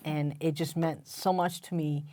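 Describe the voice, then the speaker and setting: A woman in her forties co-hosting a casual talk show, speaking slowly and affectionately with many fillers. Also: low voice, flat delivery, mellow. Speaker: co-host.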